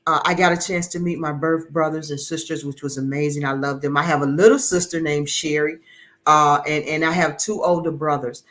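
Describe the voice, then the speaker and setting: Middle-aged man, slightly high voice, earnest emotional testimony, stumbles and repeats words. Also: steady tone, fairly quick, fairly bright tone. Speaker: interview guest. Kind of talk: personal testimony in an interview.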